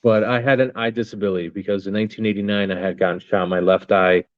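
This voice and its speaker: A veteran in his fifties, guesting on a podcast, tells his story bluntly in a casual storytelling interview, swearing a lot and using many fillers. His voice is on the low side with fairly even intonation and a quick pace. The audio has no echo but sounds narrow and tinny.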